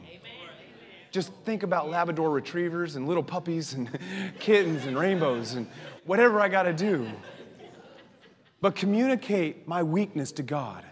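Animated preacher man in a reverberant hall. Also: fairly high pitch. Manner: animated storytelling preacher, laughs often, drops to soft prayer voice. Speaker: pastor. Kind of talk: sermon. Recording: long hall reverb with faint music.

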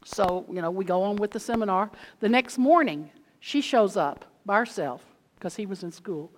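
A woman preaching and telling testimony stories, animated, moving between loud exclamations and hushed asides. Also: medium pitch, normal speed. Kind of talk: sermon storytelling. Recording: long hall reverb.

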